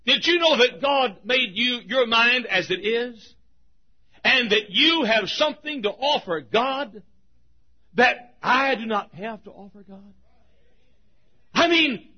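Man, pastor, preaching a sermon: high husky voice that swoops widely, quick laughs and shouts, dull lo-fi church recording. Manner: lively, laughing often, shouting for emphasis. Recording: dull lo-fi sound.

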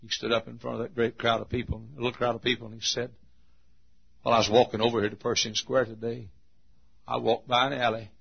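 A man preaching a sermon at a church service, booming into shouts and then dropping to a hush. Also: little pitch movement, fast, gravelly, husky, highs cut off. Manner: swings from loud shouted quotes to hushed low asides.

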